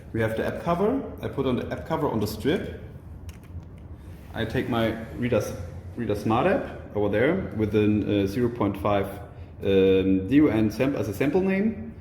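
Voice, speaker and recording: Halting man demonstrating lab steps, roomy. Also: medium pitch, darkish tone. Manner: halting, many fillers and restarts, step-by-step explaining. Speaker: product demonstrator. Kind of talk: live lab demonstration over a video call. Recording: roomy sound with faint noise.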